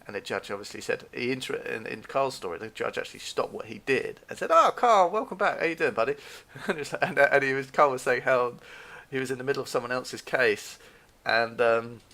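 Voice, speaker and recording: A man telling a story in a casual, animated rant, repeating himself and acting out what people said. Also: mid-range voice, fairly quick, creaky. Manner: animated, repeats himself, acts out quoted dialogue.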